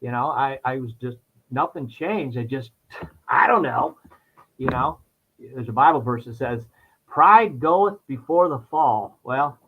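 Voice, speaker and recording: A man telling a personal story on a podcast in casual chat, his voice jumping high when he acts out his younger self. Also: unhurried, husky, narrow, tinny audio. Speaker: podcast guest.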